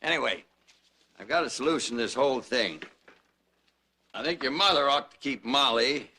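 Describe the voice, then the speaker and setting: A man's voice: mid-range voice, lively intonation, moderate pace, sharp tone, breathy edge. An actor playing a blunt, bossy man who tells others what to do. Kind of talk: sitcom acting.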